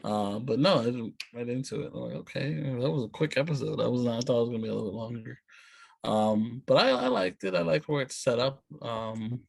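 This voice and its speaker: A man's voice: medium pitch, expressive, brisk, vocal fry. A man co-hosting a podcast in laid-back casual chat, blunt and chuckling. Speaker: podcast co-host.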